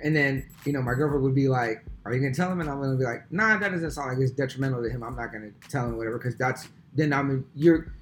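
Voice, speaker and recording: A man's voice: mid-range voice, fast, few pauses, a little hiss or hum. A man in casual chat, reflective and laughing easily as he tells stories.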